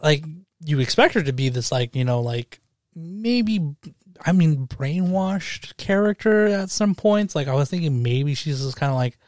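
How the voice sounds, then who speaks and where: A young man co-hosting a casual movie podcast, talking in an animated, swear-heavy way and acting out what characters said. His voice sits a touch high for a man. The sound is dry and close, with little room around it. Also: measured pace, no echo. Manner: animated, swears a lot, acts out quotes. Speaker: podcast co-host. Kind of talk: casual film review chat.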